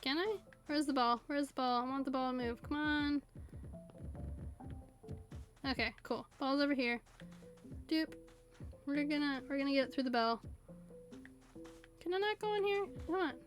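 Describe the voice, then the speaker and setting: Giggly and full of side comments, a streamer with a high voice gives casual commentary on her gameplay. Faint game music plays under her, and she's recorded up close through a home desk USB condenser mic.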